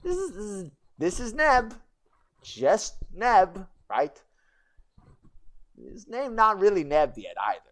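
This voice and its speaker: A woman's voice: medium pitch, very animated, takes it slowly, pauses often. A woman streamer telling a goblin legend in rambling, broken goblin-style grammar, with chatty asides. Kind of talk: casual livestream storytelling.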